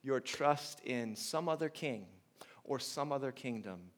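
A man in his thirties preaching a sermon, swinging from hushed, intimate lines to loud, urgent ones. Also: medium pitch, lively intonation, unhurried. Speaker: pastor.

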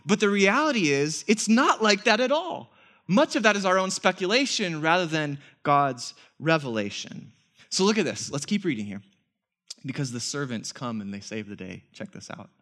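A man preaching a sermon as pastor, animated, with frequent rhetorical questions and scripture read aloud in character. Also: fairly high pitch, normal speed.

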